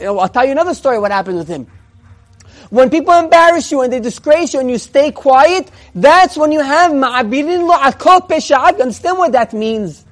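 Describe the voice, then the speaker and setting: A man giving a sermon, asking rhetorical questions and mixing Hebrew phrases into his English. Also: very high voice. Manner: lively, swinging between soft and emphatic. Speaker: rabbi giving a Torah class.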